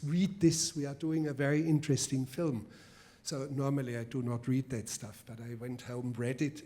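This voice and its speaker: A man with a German accent, a film director at a public masterclass, answering a question with a deliberate, emphatic anecdote. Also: fairly high pitch, darkish tone. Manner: deliberate, emphatic storytelling with restarts. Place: festival event before a live audience.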